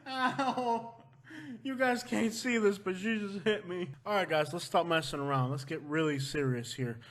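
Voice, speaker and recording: A man's voice: on the high side, normal speed. Joking, rambling man. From Florida. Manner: loud joking outbursts, playful rants. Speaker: vlog host. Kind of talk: casual chat. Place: at home with his wife.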